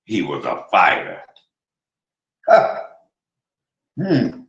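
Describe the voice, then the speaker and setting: A man rants on his stream in a drawn-out, taunting roast that keeps circling back to the same crude jabs. His pitch swings widely while he takes his time, and his voice rings in a roomy, echoey space. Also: huge pitch swings, creaky, highs cut off. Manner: taunting, vulgar insults, repeated jabs. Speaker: streamer host. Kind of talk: profane roast rant.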